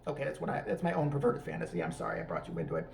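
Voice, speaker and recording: A man's voice: fairly high pitch, sing-song, rapid-fire, gravelly, a little mellow, slight background noise, poor audio. A man hosting a profane comedic rant, crude, sarcastic and rambling. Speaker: YouTube commentator.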